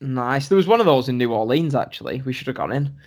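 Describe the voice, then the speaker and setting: Man, podcast co-host, chatty, moves the talk along, mid-pitched voice. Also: animated, fast, darkish tone. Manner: chatty, steers the conversation. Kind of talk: casual chat.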